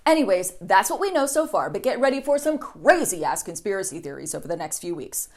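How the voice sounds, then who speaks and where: A woman's voice: medium pitch, big pitch swings, brisk. A woman hosting a comedic news show, reading a scripted monologue with sarcastic jokes. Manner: sarcastic, with mocking voices for quotes.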